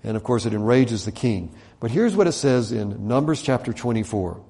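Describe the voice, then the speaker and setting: Guy preaching, retelling a bible story all chatty, mellow low-key voice, puts on voices for the quotes. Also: normal speed. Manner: conversational, animated retelling with voiced quotes and fillers. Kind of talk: sermon storytelling.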